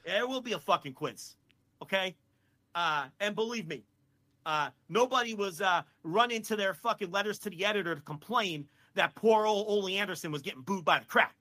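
High, bright, fired-up man ranting. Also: a little fast. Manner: heated, profane, fired-up ranting. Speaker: podcast co-host. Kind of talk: excited casual chat.

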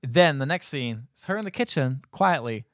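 A man's voice: medium pitch, expressive, moderate pace, no room sound. Young male podcast host, loose rambling recap, dry close sound. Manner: rambling, acts out quoted lines, laughs often. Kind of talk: casual film recap chat.

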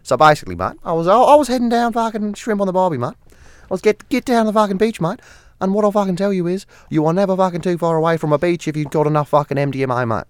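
A man's voice: sits high, lively intonation, quick pace, clear, resonant tone, no echo, voice pushed up. A man voicing a crude, swaggering Australian bloke with a put-on Australian accent, sweary and boisterous.

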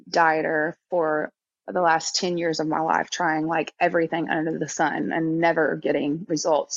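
A woman in her thirties, a podcast guest in a candid interview conversation, talking haltingly with many fillers and restarts and getting emotional. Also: low voice, no room sound. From Texas. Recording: dull, slightly lo-fi dry sound.

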